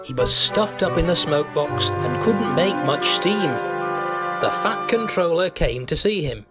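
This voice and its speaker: Man narrating a storybook over music. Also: fairly high pitch. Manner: measured, expressive storyteller.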